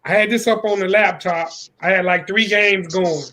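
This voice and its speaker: A man with a high, bright, ringing voice, chatting on a casual sports podcast. He tells his stories with animation and keeps the talk moving. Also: fairly even intonation, normal speed, rough recording. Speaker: podcast co-host.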